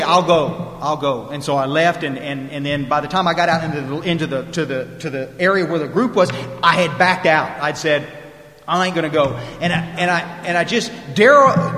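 A man's voice: a little high, sharp tone. A man telling a personal recovery story to a group, drawling and restarting his sentences often. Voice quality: drawling, lots of restarts and repeated words. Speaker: recovery speaker. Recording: echoey hall with long reverb.

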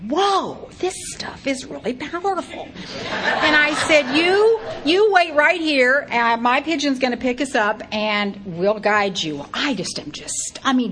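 An older woman with a slightly high voice tells her own recovery story as a testimony. She speaks in a lively way and acts out her past thoughts in quotes. A faint hum of room noise sits behind her.

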